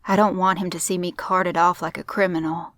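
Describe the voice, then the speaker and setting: A woman voicing a young cowboy father who speaks softly and soothingly to his son. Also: fairly low pitch, flat delivery, a little fast, lightly acted. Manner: soft, soothing, pleading.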